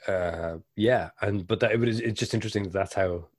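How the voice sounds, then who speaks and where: Irish man, lively chatty storyteller. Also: fairly low pitch, a little fast, dry recording, studio quality. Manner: animated storyteller, bursts into lively impressions. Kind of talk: casual conversation.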